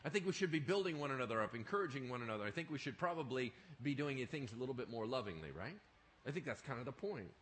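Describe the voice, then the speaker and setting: Animated male preacher, bright and lively. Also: medium pitch, fast talker. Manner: animated, emphatic, asks the crowd questions. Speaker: pastor. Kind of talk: sermon.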